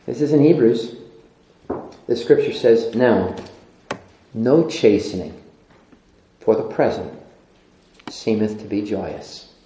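A man's voice: mid-range voice, dark tone. Emphatic male preacher in echoey room. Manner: emphatic, repeats phrases, laughs often. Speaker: pastor. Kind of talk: sermon.

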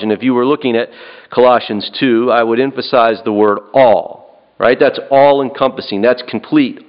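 A man's voice: mid-range voice, normal speed. A man preaching a sermon in an earnest way, often repeating and restarting his phrases and checking in with "right?". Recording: dull lo-fi recording.

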